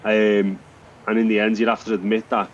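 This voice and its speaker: A former boxer acting as a radio pundit, speaking in a halting, thoughtful way with many restarts. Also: male voice, fairly low pitch, flat delivery. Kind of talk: radio sports chat. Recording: dull broadcast audio.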